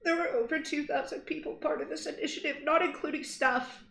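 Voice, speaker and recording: A young woman streaming, speaking earnestly and angrily, shaken after crying, halting and repeating herself. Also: sits high, fairly even intonation, vocal fry, a bit bright. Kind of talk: emotional livestream address. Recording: roomy echo.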